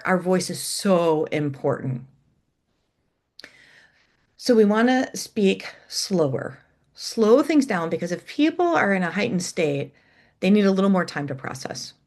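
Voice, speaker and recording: A middle-aged woman presenting an educational webinar, coaching listeners and demonstrating how emphasis changes meaning. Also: fairly low pitch. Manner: warm coaching tone, reads chat aloud, demonstrates emphasis.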